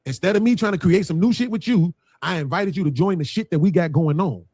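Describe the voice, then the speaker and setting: A man hosting a panel show talks quickly and animatedly in a high, husky, slightly mellow voice with no echo. In this casual panel talk he is blunt and heavily profane, acting out what others said.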